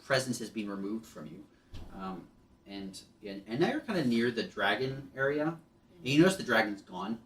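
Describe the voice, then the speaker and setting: Guy running a tabletop game, lots of ums, lowish voice, echoey room, far off mic. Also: expressive, normal speed, a bit bright. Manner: hesitant, full of ums and restarts. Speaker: game master.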